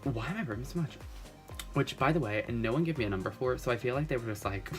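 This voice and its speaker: Teen vlogger, giggly and rambling, mid-pitched voice, faint background music. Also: male voice, fast. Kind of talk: casual storytime chat.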